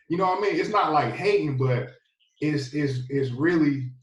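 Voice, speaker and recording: A man in his thirties with a Southern US accent, telling his story in a relaxed, rambling way as a podcast guest. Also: fairly high pitch, normal speed. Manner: laid-back, rambling, many fillers. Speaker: podcast guest, former football player. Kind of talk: casual storytelling interview. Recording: echoey, a bit distant from the mic.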